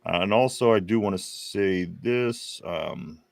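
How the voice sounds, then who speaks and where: A man's voice: fairly low pitch, unhurried, vocal fry, a little mellow, no echo. A man hosting a casual sports talk show, reading viewer comments aloud in a chatty way with frequent restarts. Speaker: podcast host.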